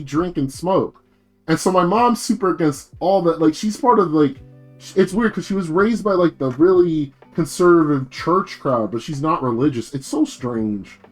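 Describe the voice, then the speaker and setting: A young American man streaming as a VTuber, rambling through a profane, casual rant full of filler words. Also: fairly high pitch. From United States.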